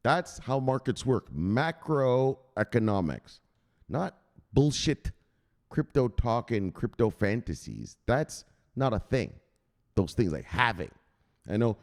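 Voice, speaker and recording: A man with a lowish voice hosts a crypto news channel, explaining a price chart in a loose, offhand way. His pitch swings widely as he talks, and he swears freely along the way. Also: measured pace. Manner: animated, swears freely, mocks imagined viewers in a high squeaky voice. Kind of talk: casual explainer talking over a chart.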